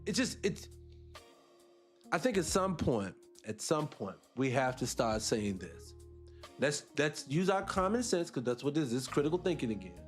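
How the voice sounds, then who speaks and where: A man's voice: mid-range voice, very animated, moderate pace, soft background music. A man hosting a morning reaction show, talking conversationally with sarcastic asides and speaking directly to his viewers. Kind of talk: reaction commentary.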